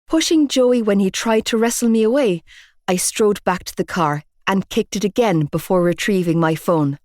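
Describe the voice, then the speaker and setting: A woman's voice: medium pitch, normal speed, darkish tone, no room sound, clean studio sound. A woman narrating a first-person audiobook in an emotive, heated reading.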